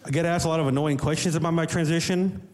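A woman performing a deadpan, self-deprecating stand-up set on a comedy stage, speaking into a handheld mic before a live audience. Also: low-pitched, fast talker. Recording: live club with crowd and noise.

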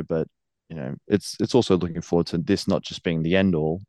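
A man with a very low voice talks earnestly about his wrestling career. He laughs often as he talks. The recording is dry and close. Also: a little mellow, no echo. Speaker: professional wrestler, guest. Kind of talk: casual interview.

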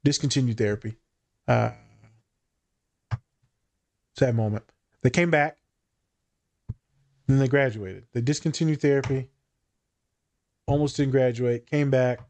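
A man's voice: mid-range voice, a little mellow. A man who works as a therapist and hosts a podcast, talking in a blunt, profane, joking way. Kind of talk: casual podcast chat.

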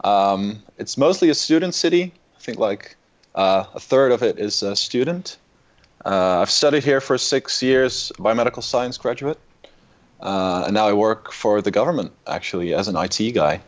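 A man's voice: on the low side, expressive, normal speed. A young man from the Netherlands with a Dutch accent, a polite, easygoing guest on a casual podcast. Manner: polite, easygoing, laughs easily.

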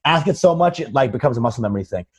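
Fast-talking husky young man. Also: medium pitch, animated. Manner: crude, riffs with put-on voices, says dude a lot. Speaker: comedian podcast guest. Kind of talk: casual comedic chat.

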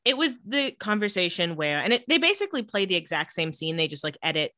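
A woman with a bright, animated voice co-hosts a casual chat podcast. She is giggly and playful, often acting out the characters' lines. The sound is close and dry. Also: lowish voice, fast, dry recording. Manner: lively, giggly, acts out quoted lines. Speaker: podcast co-host recapping a TV episode.

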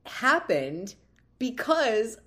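A woman's voice: a little high, sing-song, drawn-out words, a bit bright. A woman co-hosting a podcast, explaining her views on a film at length in a thoughtful, casual way. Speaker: podcast co-host. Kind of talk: casual film review chat.

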